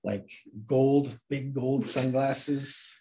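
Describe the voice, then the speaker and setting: Man telling an animated anecdote. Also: medium pitch, drawn-out words, slight background noise. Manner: animated storyteller who acts out quotes. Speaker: guest. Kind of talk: casual anecdote.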